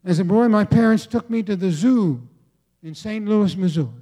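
Slow, deliberate preacher man. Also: high voice, warm tone. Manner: slow, deliberate, with emphatic pauses and repetition. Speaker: pastor. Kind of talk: sermon.

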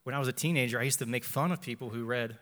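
Man in his 40s sharing his testimony at church, bright clear voice, big echoey hall reverb. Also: medium pitch. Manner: earnest, measured, repeats phrases for emphasis. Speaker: church member giving testimony. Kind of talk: personal faith testimony.

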